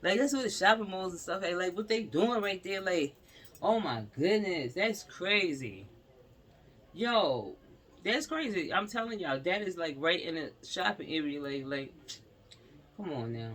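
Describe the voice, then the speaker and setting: A man from Newark, reading a news story aloud, tripping over words and breaking off into loud exclamations. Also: sits high, animated, unhurried, low-quality recording. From Newark, New Jersey. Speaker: YouTuber reacting to news.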